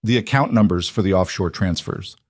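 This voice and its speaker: A man voicing a calm, smooth mob interrogator in a suit, coldly menacing. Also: sits low, moderate pace, no room sound.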